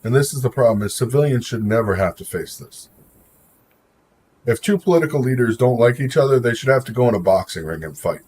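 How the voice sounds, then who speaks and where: A man's voice: mid-range voice, animated, fairly quick, a little mellow, slight background noise. A man hosting a live stream, chatting casually and opinionatedly while answering viewer comments by name. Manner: opinionated, talks back to chat by name. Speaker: livestream host. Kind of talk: casual livestream chat reacting to viewer comments.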